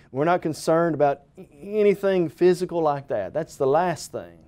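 A man's voice: on the high side, dark tone. Earnest man preaching a TV gospel sermon. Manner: earnest, direct address to the viewer as "friend"; emphatic repeated phrases, occasional stumbles on words.

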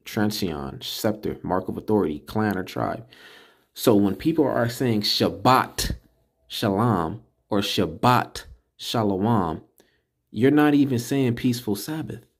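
A man with a deep, gravelly voice talks through a casual screen-recorded lesson at a slow, deliberate pace. He breaks words into syllables and repeats them patiently, as if drilling a class. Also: lively intonation. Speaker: religious teacher. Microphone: computer mic while screen recording.

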